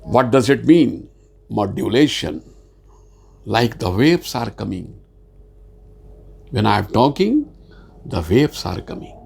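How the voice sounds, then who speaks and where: Trainer, male, gravelly voice, earnest halting delivery with frequent fillers. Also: on the low side, big pitch swings, darkish tone. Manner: halting, repeats words, earnest; speaks slowly with many fillers. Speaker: sales communication trainer. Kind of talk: informal spoken lecture.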